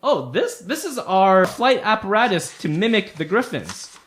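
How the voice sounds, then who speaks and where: A man's voice: high voice, very animated, measured pace, fairly bright tone, a little hiss or hum, pitched above the performer's own voice, heavily acted. A man voicing a fussy, bickering male gnome inventor in a tabletop game. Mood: flustered.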